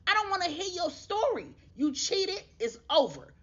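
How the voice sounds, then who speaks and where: A woman's voice: high voice, big pitch swings, normal speed, a bit bright, pitched above the performer's own voice, full character voice. An angry jilted man, played by a woman in a spoken story, harsh and threatening, swearing as he talks. The recording sounds dull and lo-fi.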